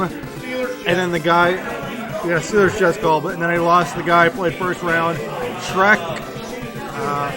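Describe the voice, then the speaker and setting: A man chatting casually about his tournament games in a relaxed, rambling way. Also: on the high side, slow, long pauses. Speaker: tournament player. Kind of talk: casual chat. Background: loud music.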